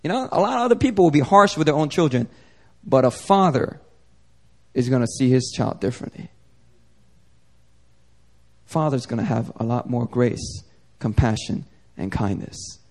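A young man preaching a sermon as pastor, talking casually, climbing to emphatic peaks and dropping soft and low. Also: expressive, normal speed.

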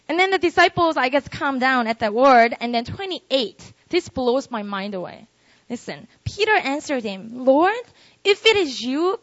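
A woman preaching a sermon in a lively, conversational way, acting out quotes. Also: sits high. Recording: dull lo-fi recording.

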